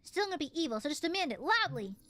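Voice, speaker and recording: A woman streaming a game, reading the text aloud in an animated, casual way and swearing now and then. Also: sits high, quick pace, faint music behind.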